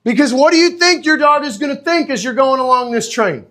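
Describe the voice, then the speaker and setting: A man with a high-pitched voice teaches dog training live online. He talks in an animated, chatty way, keeps checking in with "okay?" and "right?", and answers viewers by name. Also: a little fast. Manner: replies to viewers' comments by name.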